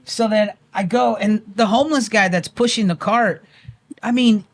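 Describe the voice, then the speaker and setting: A young man co-hosting a casual podcast, telling an animated story full of swearing and acted-out quotes. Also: high-pitched, moderate pace. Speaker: podcast co-host. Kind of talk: casual chat.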